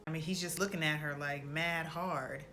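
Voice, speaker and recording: A woman vlogger giving a casual, animated recap of a TV episode, full of slang and swearing, who acts out the characters' lines. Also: deep voice, normal speed, faint music behind. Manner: animated retelling with slang and profanity. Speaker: reaction vlogger.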